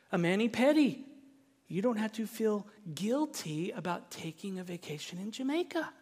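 A man's voice: sits high, in a large hall. A man with a Southern US accent preaching a sermon as pastor, emphatic and repeating key phrases for stress. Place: church.

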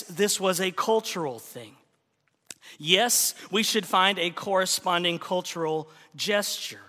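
A male pastor delivers an animated sermon full of rhetorical questions. His voice sits high and sounds bright and forceful. It carries a long hall reverb from the church sanctuary.

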